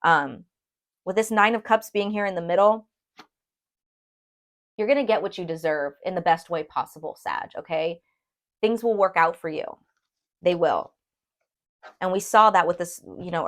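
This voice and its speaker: A woman giving a casual tarot reading to her viewers, chatty and animated, checking in with them often. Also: fairly low pitch, moderate pace, pauses often. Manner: chatty and animated, addresses viewers as "you guys", frequent "okay?". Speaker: tarot reader.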